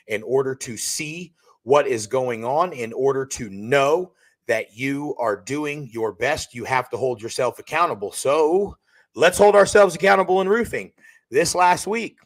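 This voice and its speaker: A man, hosting a profane motivational podcast, loud and hyped, turning quiet and emotional. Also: mid-range voice. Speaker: podcast host and roofing company owner.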